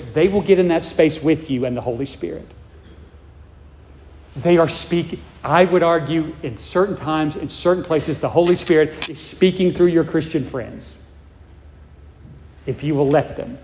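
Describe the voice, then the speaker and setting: A man's voice: on the high side, darkish tone, big-room sound. A man preaching a sermon, emphatic, with lots of repeated words and rhetorical questions. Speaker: pastor.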